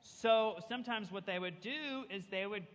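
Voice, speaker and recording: A man, a camp pastor, telling a Bible story to children and leading them in call-and-response shouts. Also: high-pitched, moderate pace. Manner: animated, leads kids in call-and-response shouts. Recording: long hall reverb.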